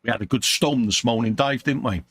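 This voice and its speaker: A UK man with a medium-pitched, slightly bright voice talks a little fast. Co-hosting a live model-building stream, he reads out chat messages chummily and calls everyone mate.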